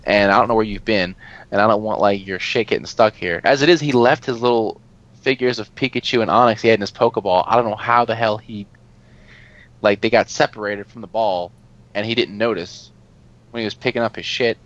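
A man telling a story in casual chat, animated and exasperated, swearing freely and laughing often as he talks. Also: fairly low pitch, fairly quick, dry recording, muffled recording. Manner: laughs often while talking. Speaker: podcast co-host telling a story.

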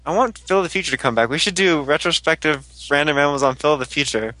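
Young man, casual podcast banter, high and very lively, dry close sound. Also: quick pace, no room sound, rough recording. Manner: animated, jokey, laughs often.

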